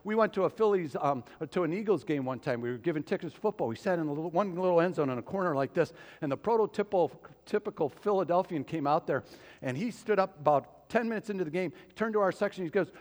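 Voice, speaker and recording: A pastor with a high-pitched male voice delivers a sermon, turning to the congregation with questions. His words ring out with a long reverb, as in a large sanctuary. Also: lively intonation, fast talker. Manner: preaching, asks the congregation questions.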